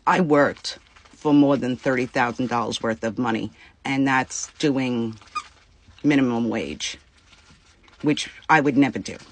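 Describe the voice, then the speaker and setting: A vlogger vents casually to her viewers about a personal dispute, upset and close to tears, swearing freely and speaking in bursts. Her voice is extremely low in pitch, a little slow, with frequent pauses.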